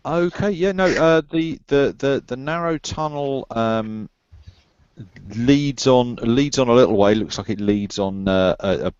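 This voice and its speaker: Halting male game master over a dull call line. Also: mid-range voice, darkish tone, smooth, no echo. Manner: halting, repeats words, laughs often. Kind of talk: narrating an online tabletop game. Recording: dull lo-fi online call audio.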